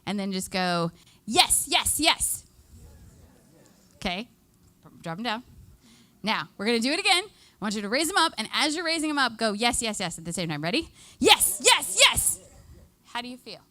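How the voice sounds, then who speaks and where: Female educator, chatty and upbeat, often laughing, slightly high voice. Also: very animated, fast talker, pushed and bright, a little hiss or hum. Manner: upbeat, chatty, leads the group in exercises. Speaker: extension educator. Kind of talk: live workshop talk.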